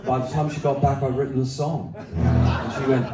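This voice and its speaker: Recorded from the audience area of a packed music hall, with roomy sound, acoustic guitar and audience noise, a man in his seventies performs live as a singer-songwriter. Between songs he spins profane, self-deprecating, meandering stories in a mellow, steady, mid-range voice at a moderate pace, heard from a distant mic.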